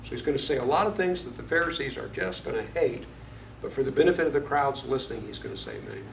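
A man's voice: mid-range voice, lively intonation, fast, gravelly, slight background noise. A man from Florida teaching a Bible study lesson in a conversational way, often asking the class questions. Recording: echoey room, mic far off.

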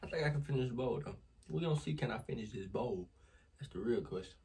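A man's voice: mid-range voice, lively intonation, quick pace, creaky, dark tone, slight background noise. A man vlogging casually to his viewers on a phone camera, exclaiming often and talking straight to them.

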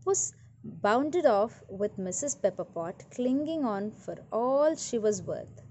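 A woman reading a story aloud to children, animated and stopping to ask questions. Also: on the high side, slow, muffled recording, slight background noise. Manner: animated, asks listeners questions.

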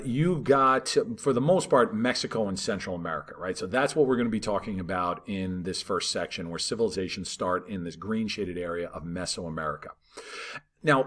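A man teaching a history lesson in a relaxed, conversational way, talking over maps and checking in with "right?" and "all right". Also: lowish voice.

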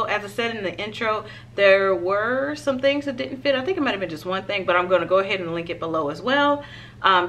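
A woman fashion vlogger chatting casually to her viewers in a try-on haul, expressive and direct. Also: mid-range voice, slight background noise.

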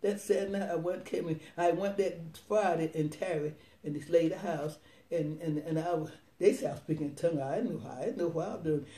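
A woman in her nineties, an evangelist, telling her testimony in a rambling, excited, laughing way. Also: low-pitched, fast talker, echoey room, far from the mic. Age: 90s.

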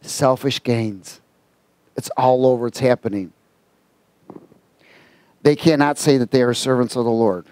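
A man preaching a sermon, telling stories with lively quoted voices and reading scripture aloud. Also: medium pitch, measured pace, pauses often, no room sound. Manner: animated storytelling with quoted voices. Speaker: pastor.

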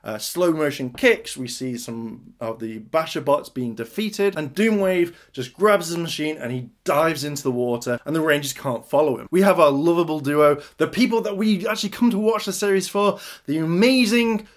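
A man's voice: on the high side, moderate pace, hardly any pauses. A man casually recapping and reviewing a TV episode, talking loosely with lots of "like" and "kind of". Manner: chatty, fills with "like" and "kind of".

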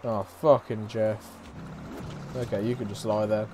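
A man giving excitable, profane let's play commentary as a gaming YouTuber, trash-talking and shouting now and then. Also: fairly low pitch, measured pace, noisy background. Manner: shouts and whoops suddenly. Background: game music.

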